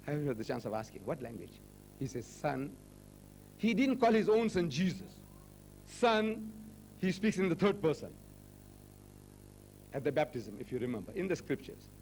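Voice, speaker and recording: A man giving a public lecture on religion in an animated, mocking way, acting out the voices he quotes. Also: fairly high pitch, poor audio. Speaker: religious debater.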